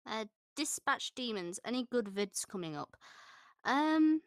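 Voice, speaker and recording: A woman's voice: fairly high pitch, lively intonation, a little slow, no room sound. Chatty northern English woman, dry sound. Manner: self-deprecating, chatty, laughs often. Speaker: YouTuber answering chat questions. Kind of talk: casual livestream Q&A chat. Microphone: new studio microphone.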